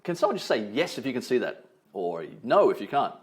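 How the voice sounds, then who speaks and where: A man leads a lively online training webinar over a video call, brisk and mid-range in voice. He punctuates points with emphasis and tag questions such as "right?".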